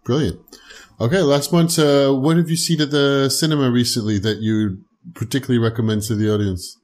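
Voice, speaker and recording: A man hosting a podcast interview, asking questions in a relaxed, halting way with frequent restarts. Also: medium pitch.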